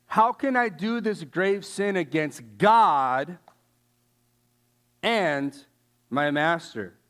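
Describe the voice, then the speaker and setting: An earnest young man , as a preacher puts him on, turns down temptation in a casual, sincere way. His voice sits a little high, told inside a sermon retelling. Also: lively intonation, very slow, fairly bright tone, clean tone, heavily acted.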